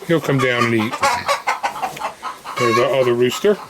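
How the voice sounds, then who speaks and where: Man, casual homestead vlogger, easygoing walk-and-talk, chickens clucking loudly behind. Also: medium pitch, a little slow, heavy background noise. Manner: relaxed, chatty, talks fondly to the animals. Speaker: homesteader showing his farm. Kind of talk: casual walk-through vlog. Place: outdoors on a farm, in and around a chicken coop. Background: chickens clucking and a rooster.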